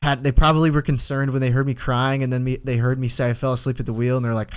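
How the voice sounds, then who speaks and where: This man speaks fast, with a clear, resonant, mid-range voice. He's a podcast co-host in his twenties telling a long, meandering story in casual chat, full of restarts and animated bursts when he quotes himself.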